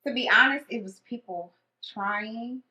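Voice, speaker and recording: A woman's voice: on the high side, measured pace, pushed and bright. A woman telling personal stories in casual conversation, acting out her own inner thoughts. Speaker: podcast guest. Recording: echoey dull room sound.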